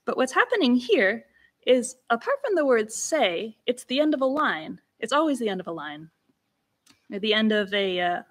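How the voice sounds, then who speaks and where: A woman lecturer giving an academic lecture at a symposium, explaining things step by step with small restarts and asides. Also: fairly high pitch. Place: symposium venue.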